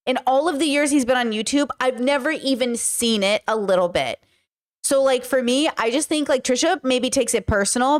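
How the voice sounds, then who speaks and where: A woman hosting a podcast, chatting in a rambling, casual way while reacting to a clip. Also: a little high. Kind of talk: casual commentary.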